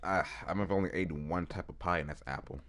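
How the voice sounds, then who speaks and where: A man's voice: sits low, brisk, a bit bright. A man hosting a casual podcast chat, eating as he talks, laid-back and profane, with lots of trailing off and repeated words. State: eating, talking with his mouth full. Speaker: podcast host.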